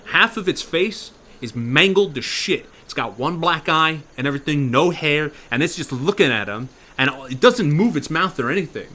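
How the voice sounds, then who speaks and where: A man improvising a horror story in a casual, profane way, dropping to a hush and then getting loud. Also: on the high side, lively intonation, moderate pace, few pauses. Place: virtual reality chat room.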